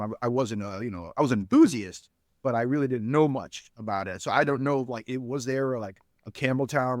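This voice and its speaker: A man's voice: no room sound, clean studio sound. A middle-aged man, a podcast guest, telling stories in a casual interview and acting out the people he quotes, with a lot of "you know" in his speech. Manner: animated storyteller, acts out quoted dialogue with jumps in pitch; lots of "you know" fillers. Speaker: podcast guest, spirits company founder.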